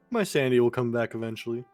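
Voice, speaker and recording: A man playing a tabletop game, dropping quiet, joking asides. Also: mid-range voice, animated, moderate pace, no echo, soft background music. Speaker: player.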